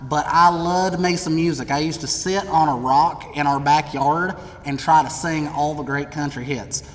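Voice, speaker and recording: A young man from Middle Tennessee telling funny stories about his own past to college students, in a lively, theatrical, self-deprecating way. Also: on the high side, normal speed. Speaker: speaker addressing college students. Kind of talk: humorous personal storytelling. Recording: long reverb of a large hall, faint background noise.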